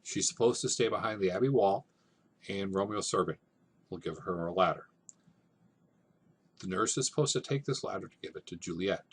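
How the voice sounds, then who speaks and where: A man teaching over slides, explaining a scene in relaxed, conversational everyday language. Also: deep voice, normal speed, long pauses, husky. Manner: relaxed, conversational, paraphrasing in plain modern speech. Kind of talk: casual classroom explanation.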